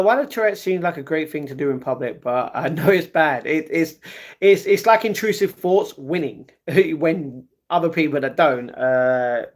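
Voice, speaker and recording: A young man hosting a casual livestream, chatting loosely and replying to viewers' comments one after another. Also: a little high. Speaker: livestream host reading chat.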